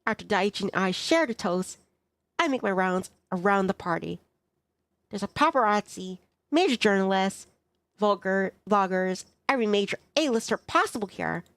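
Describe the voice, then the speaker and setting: A woman's voice: mid-range voice, lively intonation, moderate pace, no room sound. Woman reading a romance game aloud. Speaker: streamer.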